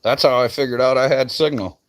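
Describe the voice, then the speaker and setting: A man's voice: mid-range voice, fairly even intonation, brisk, dry recording. A man from Michigan who runs a tree business, chatting casually and swearing freely on a live stream from an outdoor work site. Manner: swears freely, loose rambling talk.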